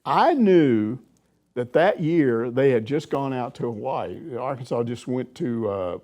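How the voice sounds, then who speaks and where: A man's voice: medium pitch, a little slow. An older man, a sports reporter, telling anecdotes in a casual chat and laughing as he goes. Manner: animated storyteller, laughs through anecdotes. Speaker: sports reporter answering questions.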